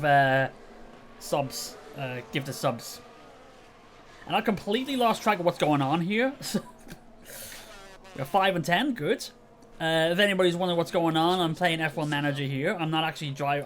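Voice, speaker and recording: A Northern Irish man talks casually on a live stream in the small hours, tired and rambling, laughing at himself. His voice sits a little high for a man, with a faint hiss of noise behind it. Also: fairly bright tone. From Northern Ireland. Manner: rambling, self-mocking, chuckling.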